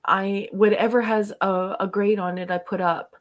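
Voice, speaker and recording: A woman's voice: medium pitch, little pitch movement, normal speed. A woman co-hosting a podcast, talking affectionately and reading a summary aloud with many hesitations and ums. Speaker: podcast co-host. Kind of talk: casual chat, cold reading a summary.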